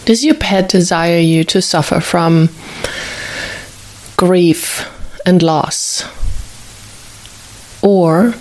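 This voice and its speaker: Slow, soothing woman host. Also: fairly low pitch. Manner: slow, soothing, asks many gentle questions. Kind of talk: guided reflection talk.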